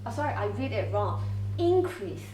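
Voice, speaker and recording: A woman teacher talks through an English lesson at an unhurried, deliberate pace, checking in with her class after each point. Her fairly high voice comes from a distance in an echoey classroom, with faint room noise behind it. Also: animated, a little mellow. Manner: slow, explanatory, checks in with frequent okay. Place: school classroom.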